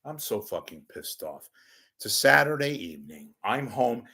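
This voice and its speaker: An older man ranting at home in a rambling, profane, wisecracking monologue, swinging between loud bursts and muttered asides. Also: mid-range voice, big pitch swings, normal speed, gravelly, husky. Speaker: media commentator. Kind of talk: off-the-cuff monologue.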